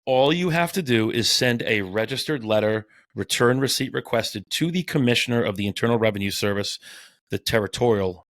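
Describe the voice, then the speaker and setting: A man with a lowish voice co-hosts a casual podcast, reading passages aloud and riffing on them. He talks in an animated, profane way and trips over his words now and then. The sound is dry and close, with no room around it. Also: brisk, no room sound. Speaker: podcast co-host.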